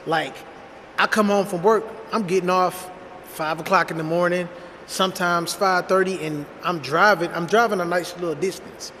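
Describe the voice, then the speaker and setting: A man in his thirties telling a personal story in a blunt, animated, slangy way, speaking straight to his viewers. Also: high-pitched, moderate pace, long reverb tail, a little hiss or hum. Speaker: storytime vlogger. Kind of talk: casual storytelling monologue.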